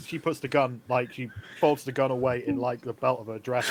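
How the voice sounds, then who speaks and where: A man's voice: mid-range voice, fairly even intonation, brisk, few pauses. A man playing a tabletop game, chatting playfully and laughing often. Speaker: player. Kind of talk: casual chat at a tabletop game.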